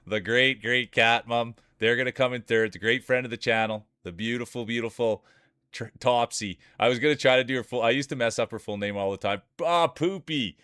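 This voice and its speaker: A man from Canada hosting a live stream, chatty and excitable, laughing often and calling people "dude". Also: mid-range voice, quick pace, clean tone, dry recording, studio quality. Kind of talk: casual live-stream commentary.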